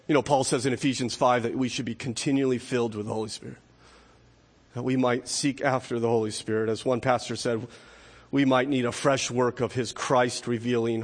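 A man preaching a sermon as pastor, impassioned, rising to shouts when he quotes. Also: medium pitch. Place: church sanctuary. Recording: reverberant hall.

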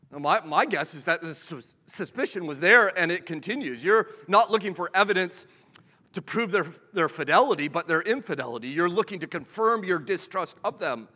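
A man preaching a sermon as pastor, conversational, with rhetorical questions and dramatic drops to a hush. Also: high-pitched. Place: church sanctuary. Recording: long reverb of a large hall.

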